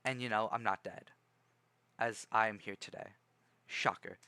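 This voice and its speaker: A young man streaming and chatting casually, rambling in a calm, measured way with many restarts and fillers. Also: lowish voice, creaky, no room sound. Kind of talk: casual livestream chat.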